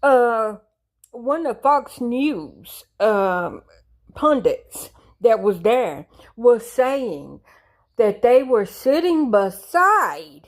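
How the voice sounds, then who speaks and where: A woman's voice: fairly high pitch, very animated, very slow. A woman giving a casual comedic rant to her viewers, rambling and repeating herself, swearing freely and swinging between playful and emphatic. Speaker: commentator.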